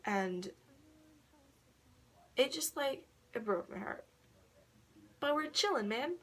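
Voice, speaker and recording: A woman's voice: high voice, expressive, takes it slowly, fairly bright tone. A woman vlogging at home, casually telling a personal story, full of slang, swearing and laughter.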